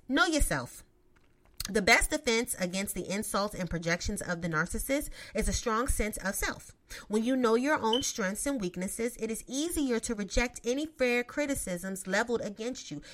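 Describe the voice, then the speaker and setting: Lively, sassy woman with a swooping voice. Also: mid-range voice. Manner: profane, emphatic, sassy asides. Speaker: vlogger giving relationship advice. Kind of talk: casual advice monologue.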